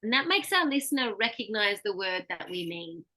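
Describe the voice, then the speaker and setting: A woman's voice: medium pitch, big pitch swings, moderate pace, bright, forceful tone. An Australian woman giving a one-on-one pronunciation lesson, patiently explaining and modeling words for her student to repeat. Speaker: pronunciation coach.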